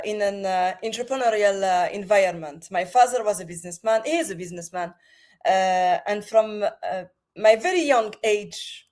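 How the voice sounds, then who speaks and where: A woman with a French accent, a podcast guest speaking over a video call, with many pauses and restarts. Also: on the high side, a little mellow. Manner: hesitant, many fillers and restarts. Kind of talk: remote interview.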